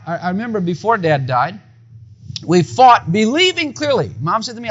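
A man in his fifties sharing a heartfelt personal testimony with earnest emotion. His voice sits high and husky, and he often stammers and repeats himself. The recording has a dull, lo-fi sound. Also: fairly bright tone.

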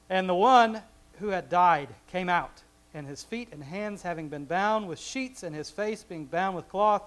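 A man reading scripture aloud and explaining it in a relaxed, conversational teaching style, with chuckling asides and frequent restarts. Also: high-pitched, slow, long pauses, rough recording. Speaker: Bible teacher. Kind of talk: casual Bible study teaching.

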